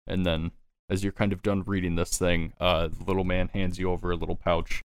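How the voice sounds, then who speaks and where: Deep-voiced male game master. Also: flat delivery, a little fast, clear, resonant tone, no echo, clean studio sound. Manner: casual, loose narration. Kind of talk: narrating a tabletop game.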